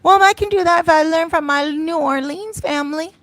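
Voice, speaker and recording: A woman's voice: extremely high pitch, a little fast, fairly bright tone, dry recording. A woman with an American accent, hosting a live stream in a playful, laughing manner, reading chat comments aloud.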